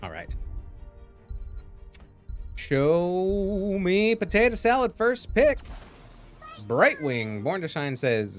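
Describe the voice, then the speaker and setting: A man's voice: high voice, sing-song, takes it slowly, pauses often, soft background music. A man casting a live video game match, with goofy, jokey asides between calls. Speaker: esports caster.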